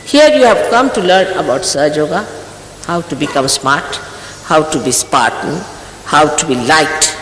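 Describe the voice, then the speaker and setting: A woman's voice: sits low, animated, moderate pace, fairly bright tone. Stern woman in her sixties, echoey hall. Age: 60s. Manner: stern, admonishing, rhetorical questions. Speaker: spiritual teacher. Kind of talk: scolding talk to followers. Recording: echoey hall, faint background hiss.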